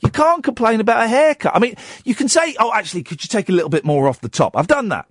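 A man's voice: high voice, fast talker, few pauses, husky, dry recording. A man hosting a radio phone-in, chatting casually and animatedly into a studio microphone. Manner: animated, chatty, laughs at his own stories.

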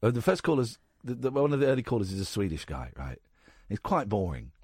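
A male radio host reads news items on air and keeps interrupting himself with dry, sarcastic remarks. His voice is very low and husky, yet his pitch swings widely as he talks. The studio sound is close and dry. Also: sing-song, fast talker, darkish tone, dry recording. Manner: reads stories with sarcastic asides. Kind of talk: casual radio chat, reading news aloud. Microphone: studio microphone.

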